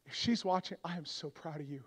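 High-voiced fervent male revivalist preacher. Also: fairly quick, slightly rough. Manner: builds from soft storytelling to loud, high-pitched fervor. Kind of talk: sermon.

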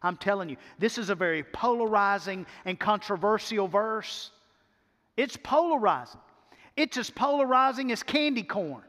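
A man's voice: sits high, expressive, normal speed, fairly bright tone, long reverb tail. A man preaching a sermon as pastor, emphatic, repeating words as he builds to a point. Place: church sanctuary.

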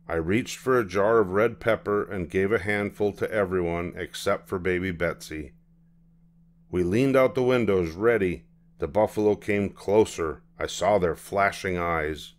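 An older man reading a children's picture book aloud, telling the story in an unhurried, measured way. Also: low voice.

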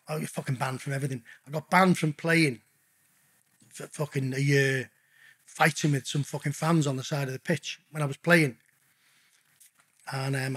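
A man's voice: a little high, husky. A middle-aged man telling stories as a podcast guest in a blunt, casual way, swearing constantly and calling the host mate. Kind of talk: casual storytelling interview.

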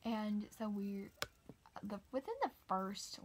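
A teenage girl telling a rambling storytime for her channel, chatty with many fillers and soft whispered asides. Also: mid-range voice, fairly even intonation, slow pace, long pauses, husky. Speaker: vlogger. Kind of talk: casual storytime.

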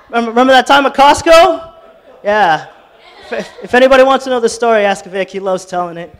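A man giving a sermon, with casual, joking asides that rise into fervent, impassioned preaching. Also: sits high. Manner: conversational, joking preaching that builds to impassioned shouting. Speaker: lay preacher. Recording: long church reverb.

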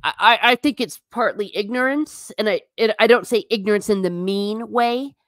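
A woman's voice: mid-range voice, normal speed, fairly bright tone, dry recording, studio quality. A woman hosting a casual livestream, talking through a topic and answering viewer comments, sometimes slipping into a stern teacher tone. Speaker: livestream host.

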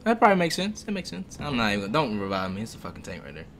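A man streaming live gameplay, talking casually, excitable and swearing a lot, sometimes making gun-sound noises. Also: mid-range voice, rapid-fire. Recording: game noise under the voice. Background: loud game sound effects.

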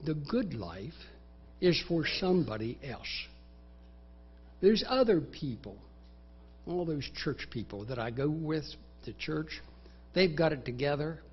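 A man preaching a sermon in a church, dramatically acting out inner voices in the first person and reciting scripture in slow, measured phrases. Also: fairly high pitch, animated, slightly rough, muffled recording. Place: church sanctuary.

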